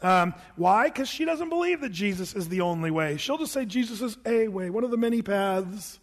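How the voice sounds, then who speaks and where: High-voiced man preaching in a reverberant hall. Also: lively intonation, moderate pace. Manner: conversational preaching with rhetorical questions and asides. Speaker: pastor. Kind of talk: sermon.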